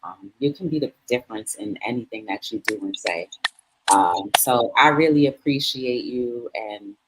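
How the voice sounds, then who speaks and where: A woman guest and clothing vendor, answering interview questions in a soft-spoken, reflective way with fillers. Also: extremely low pitch, moderate pace, heavy background noise.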